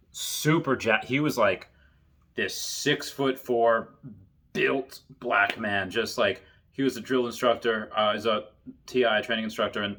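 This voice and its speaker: A man's voice: mid-range voice, fairly bright tone. Chatty man reading funny stories. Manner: chatty, laughs often at the stories. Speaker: military veteran storyteller.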